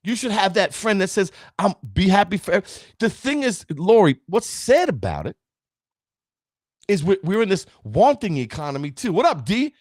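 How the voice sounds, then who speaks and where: A man's voice: high voice, sing-song, moderate pace, darkish tone, no echo, studio quality. A man giving a live-streamed motivational talk, emphatic and preachy, often asking "right?" and greeting viewers by name. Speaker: motivational speaker.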